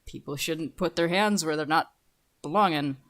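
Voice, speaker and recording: A woman playing a tabletop game, describing her character's reactions in quick asides. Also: low voice, fairly bright tone. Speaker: player.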